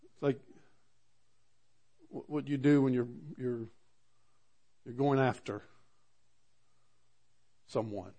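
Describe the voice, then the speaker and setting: A man's voice: mid-range voice, takes it slowly, long pauses, mellow. A middle-aged man preaching a sermon, reading scripture aloud, asking the congregation questions, and often stammering and restarting.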